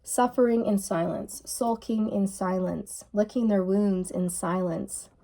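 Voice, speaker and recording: A woman giving a channeled tarot reading to her viewers, musing softly and repeating key phrases. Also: medium pitch, fairly even intonation, a little slow, gravelly. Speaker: tarot reader.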